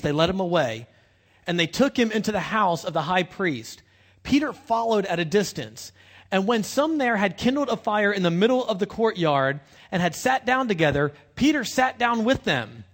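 A man preaching in a loose, conversational way, his voice sitting high and swinging up and down with lots of life. He pokes fun at himself and talks to the congregation like a friend, with slangy asides. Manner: animated, self-deprecating, slangy preaching. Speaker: pastor. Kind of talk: conversational sermon.

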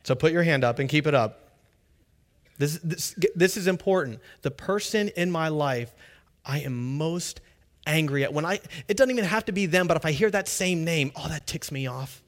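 A man preaching a sermon as pastor, conversational and animated, acting out little quotes. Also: fairly high pitch, moderate pace.

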